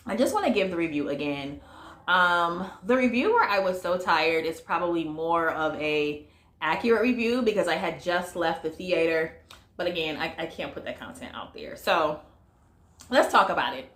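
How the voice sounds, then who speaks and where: A woman's voice: on the low side, very animated, moderate pace, a bit bright. Chatty woman in an echoey room. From United States. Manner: chatty, lots of fillers, addresses viewers as y'all. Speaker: movie reviewer. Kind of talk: casual to-camera vlog review.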